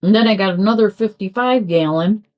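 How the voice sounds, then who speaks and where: A woman's voice: medium pitch, a little fast, a little mellow. A woman chatting casually at home while she works on a craft, rambling and trailing off mid-sentence. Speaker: crafting vlogger. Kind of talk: casual chat while diamond painting.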